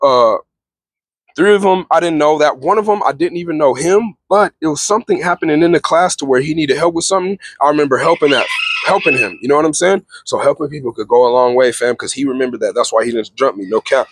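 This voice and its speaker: A man's voice: a little high, fast, dry recording. A young man from Texas telling a casual storytime vlog, laid-back and constantly saying "fam". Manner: laid-back, says "fam" constantly, acts out voices with laughs.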